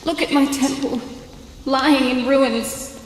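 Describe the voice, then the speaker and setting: A woman voicing a sorrowful, stately goddess in a video game, speaking slowly and solemnly. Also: steady tone. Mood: mournful. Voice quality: slow, solemn and booming. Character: sorrowful, stately female goddess calling from beyond. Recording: huge echo, long reverb, background noise.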